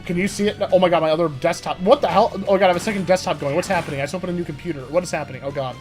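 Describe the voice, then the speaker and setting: A young man chatting live on a game stream, excitable and swearing, laughing often and talking to his chat. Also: fairly high pitch, very fast, soft background music.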